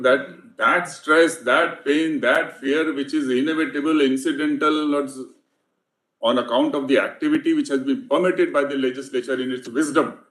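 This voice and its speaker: A man's voice: on the high side, fairly bright tone. A man, a senior advocate making a formal courtroom argument, deferential and repeating "my lord" over and over. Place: large courtroom. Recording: roomy courtroom echo.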